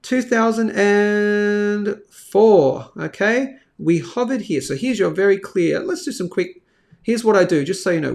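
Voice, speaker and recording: A man's voice: a little high, gravelly, a little mellow. A man hosting a live stream on market charts, chatty and thinking aloud with many fillers. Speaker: host of a live bullion market show.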